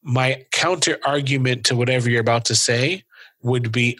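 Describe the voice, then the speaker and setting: A man's voice: medium pitch, moderate pace, pushed and bright. A man hosting a podcast, telling stories in casual chat, swearing and laughing often. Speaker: podcast host.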